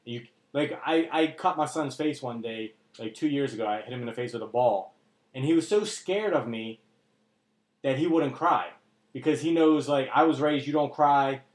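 A man's voice: medium pitch, normal speed. A man talking candidly and emotionally on a podcast, blunt and earnest, swearing freely. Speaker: podcast co-host. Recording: roomy echo.

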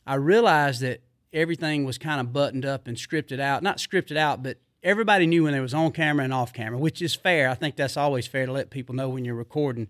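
A middle-aged man, telling rambling stories in a casual, animated way, full of fillers. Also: medium pitch, dry recording, clean studio sound. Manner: rambling, animated, drawling Southern speech with repeated fillers. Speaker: podcast guest. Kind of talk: casual storytelling.

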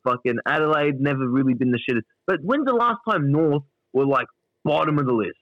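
A man's voice: medium pitch, animated, fairly quick, no echo, narrow, tinny audio. An Australian man co-hosting a podcast, rambling through a crude story with lots of swearing and filler. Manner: rambling, profane, acts out voices in retelling. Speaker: podcast co-host. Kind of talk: crude casual banter.

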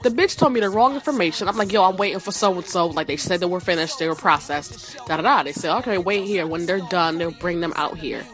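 A woman telling a story in a casual, profane, animated rant, with sassy asides. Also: lowish voice, fairly quick, soft background music.

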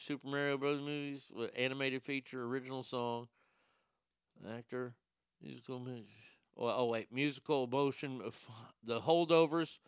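A man's voice: mid-range voice, a bit bright, clear, resonant tone, no room sound, studio quality. A man in casual, rambling commentary, sarcastic and profane as he thinks aloud.

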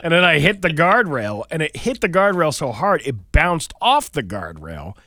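A man's voice: fairly high pitch, sing-song, normal speed, sharp tone. A middle-aged man co-hosting a morning radio show, telling stories in a rambling way full of fillers. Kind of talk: casual radio banter. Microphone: studio mic.

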